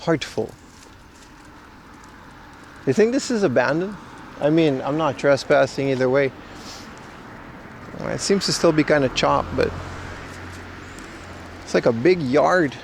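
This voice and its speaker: A slightly high, gravelly male voice with lively intonation, speaking slowly with long pauses, plus a little hiss or hum in the audio. He's an IRL livestreamer walking city streets, casually chatting in slang with viewers and reading their chat.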